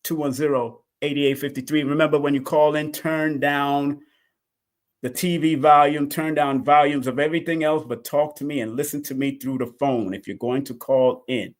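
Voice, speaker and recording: Animated man hosting a call-in stream. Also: a little high, moderate pace. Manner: repetitive, animated, talks to chat and callers. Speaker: host of a call-in live stream. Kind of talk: casual live-stream talk.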